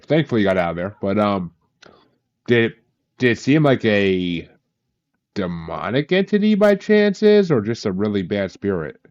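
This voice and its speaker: A man hosting a casual podcast interview, relaxed and halting, who swears offhandedly. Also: on the low side, no room sound. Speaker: podcast host. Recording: dull lo-fi sound.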